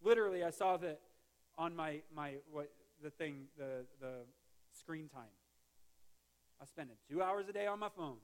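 High-voiced Midwestern pastor preaching casually. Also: male voice, a little slow. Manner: conversational, joking asides, repeats words when restarting. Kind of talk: sermon. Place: church sanctuary.

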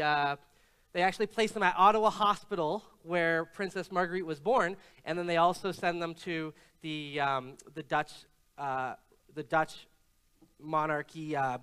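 A man delivers a sermon with a higher-pitched voice than most men. His voice is smooth and clear. He speaks in an easygoing, storytelling way and often pauses on fillers. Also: a bit bright. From Canada. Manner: conversational storytelling with frequent filler hesitations. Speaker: pastor.

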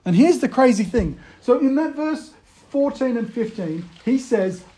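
A man giving a conversational sermon, moving between loud emphasis and quiet, hushed retellings. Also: high-pitched, expressive, moderate pace. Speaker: preacher.

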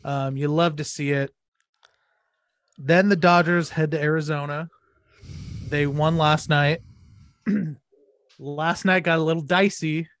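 A man's voice: on the high side, steady tone, takes it slowly, pauses often, a bit bright, no echo. A man co-hosting a casual sports podcast, gloating and swearing as he mocks rivals. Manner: gloating, profane, mocking. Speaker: podcast co-host.

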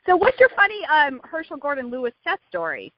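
A woman's voice: sits high, wildly swooping pitch, a little fast, no room sound, muffled recording. A woman hosting a casual interview, asking friendly, curious questions. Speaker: interview host.

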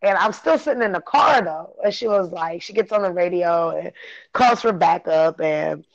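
A woman's voice: fairly low pitch, animated, normal speed, vocal fry. A woman in her thirties from Illinois, telling her own story in casual talk, laughing often, cursing freely and acting out what people said. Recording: dull lo-fi recording.

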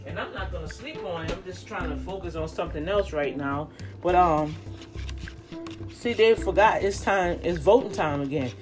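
A woman giving a casual spiritual testimony, talking straight to her viewers in an animated, preachy way. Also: lowish voice, normal speed. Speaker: vlogger sharing a testimony. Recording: music playing behind the voice.

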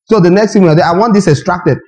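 Animated high-voiced preacher. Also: male voice, quick pace, low-quality recording. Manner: animated, emphatic, full of rhetorical questions. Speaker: pastor. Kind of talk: sermon.

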